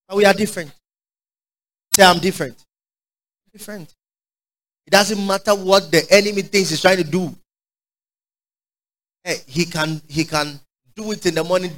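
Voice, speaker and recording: Fervent preacher man, high and bright. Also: normal speed, pauses often, poor audio. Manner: fervent, call-and-response, swings from shouting to quiet. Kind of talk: sermon.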